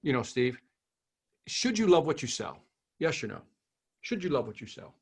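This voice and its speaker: A man guesting on an interview, talking through his approach to selling with emphatic repetition and rhetorical questions. His voice has a husky, slightly rough edge. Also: medium pitch, very animated, moderate pace. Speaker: sales trainer guest. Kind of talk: interview conversation.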